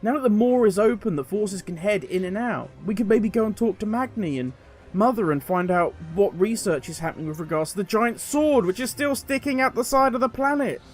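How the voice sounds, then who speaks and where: A man giving opinionated video commentary as a gaming commentator, animated and sarcastic. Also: high-pitched, a little fast, faint music behind.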